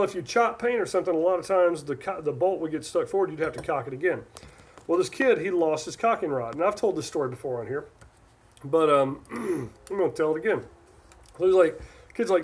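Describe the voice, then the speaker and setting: A man from Northern California chats through a relaxed live stream, reading out viewer questions and answering them one by one. His voice sits a little high for a man, and he rambles, trailing off and restarting his sentences. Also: husky. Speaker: livestream host.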